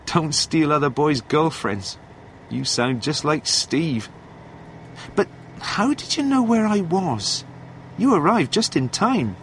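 A man putting on an eager young man in a storybook reading, the voice lifted well above a normal speaking pitch. He asks questions in a lively, bouncing way. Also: slow, slight background noise, exaggerated voice. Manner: raised, animated storybook voice.

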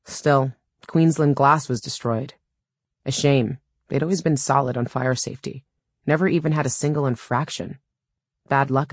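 A woman's voice: a bass voice, darkish tone, no room sound. Wry woman narrating an audiobook. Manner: wry, dry first-person storytelling. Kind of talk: first-person audiobook narration.

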